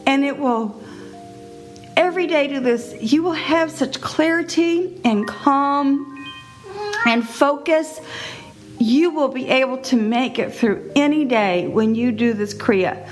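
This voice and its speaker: A middle-aged woman hosting her own podcast, talking in a chatty, animated way and laughing often. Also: high-pitched, slow pace, soft background music. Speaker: podcast host. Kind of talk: casual solo podcast monologue.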